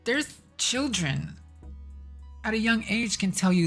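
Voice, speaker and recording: A woman's voice: fairly high pitch, big pitch swings, slow, long pauses, soft background music. A young woman ranting to her vlog audience, exasperated and blunt, swearing and repeating herself. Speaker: vlogger. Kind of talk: casual rant to camera.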